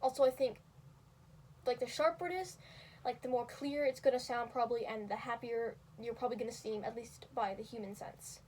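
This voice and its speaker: A young woman with a high, light voice talks through a casual tutorial, full of "um" and "like" and quick asides at her own expense. She sounds a little away from the mic, with a faint hiss under her voice. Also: steady tone, a little mellow, recorded from a distance. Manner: rambling, filler-heavy, self-deprecating. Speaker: video creator teaching cat vocals.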